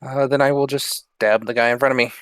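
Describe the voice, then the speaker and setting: A man's voice: mid-range voice, fairly even intonation, fast, clean tone, dry recording. A man playing a tabletop game, talking casually with hesitant ums and uhs. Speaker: player. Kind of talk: casual chat.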